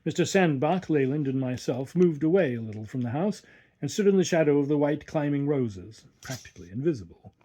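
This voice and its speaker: A man narrating a story in a measured, expressive reading. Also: on the high side. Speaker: reader.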